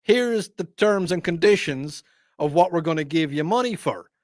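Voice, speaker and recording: A man's voice: on the high side, animated, normal speed, dry recording, clean studio sound, lightly acted. A man doing a blunt, scolding impression of a brash male president laying down terms.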